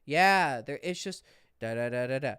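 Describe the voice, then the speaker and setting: A man's voice: medium pitch, lively intonation, moderate pace, fairly bright tone, clear, resonant tone, no echo, clean studio sound. Blunt, profane male dating coach. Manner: blunt and profane, demonstrates vocal rhythm. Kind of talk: livestream Q&A coaching.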